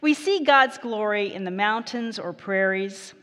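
A woman pastor reads scripture and preaches at a measured, gentle pace. Her voice sits in a middle register. A long reverb from the church hall trails behind each phrase. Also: mid-range voice, animated. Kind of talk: scripture reading and sermon.

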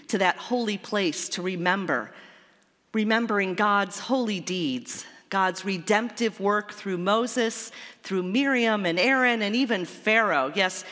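A woman pastor preaches in a lyrical, repetitive way, full of wonder. She takes her time, letting phrases land slowly. Her voice rings out with a long church reverb. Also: medium pitch, fairly bright tone. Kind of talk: sermon.

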